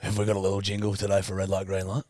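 A man's voice: low-pitched, completely flat delivery, racing, a little mellow, no echo. A young Australian man co-hosting a podcast, bantering bluntly and swearing constantly as he teases his co-host. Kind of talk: casual banter.

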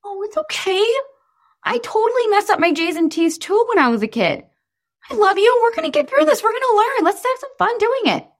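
Woman putting on a super sweet high parent voice, soothing a kid, all encouragement. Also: very animated, brisk, heavily acted. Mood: tender. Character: loving parent comforting a child.

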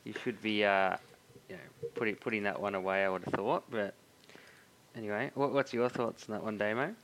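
A man's voice: on the low side, fairly even intonation, a little fast, fairly bright tone, poor audio. A man chatting about football on a podcast, hesitant, with many ums and restarts. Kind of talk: casual sports chat.

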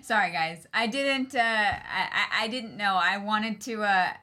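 A woman chatting on a live book stream in a bright, clear voice. She sounds upbeat and casual, and she often trips over and restarts her phrases. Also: medium pitch, a little slow. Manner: upbeat, with frequent hesitant restarts. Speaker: co-host of a book club stream. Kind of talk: casual livestream chat.

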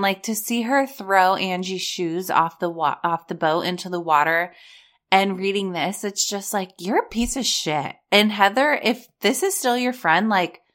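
A woman's voice: lowish voice, fairly bright tone. A woman giving casual, blunt commentary while reading court documents aloud, sarcastic and swearing freely.

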